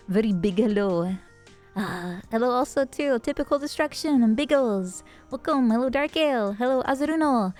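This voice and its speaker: A bubbly woman streamer with a fairly high voice chats easily and laughs often while she greets people by name. Soft music plays low behind her. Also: lively intonation, normal speed. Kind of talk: casual livestream chat.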